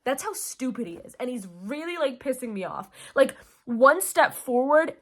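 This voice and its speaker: A woman's voice: high voice, animated, normal speed, few pauses, a bit bright. Gushing, dramatic young woman vlogger. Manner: gushing and dramatic, laughs often, reads quotes aloud. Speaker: book vlogger. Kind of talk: casual book review chat.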